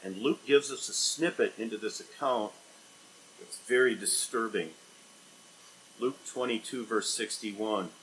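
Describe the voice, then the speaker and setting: A man preaching an expository sermon, rising to loud emphatic bursts and dropping to quiet, low scripture reading. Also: measured pace, slight background noise, poor audio.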